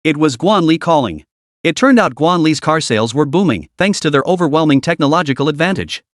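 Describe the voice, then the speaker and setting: Animated male story narrator. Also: fairly high pitch, a little fast, no echo, studio quality. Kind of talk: scripted narration of a comic recap.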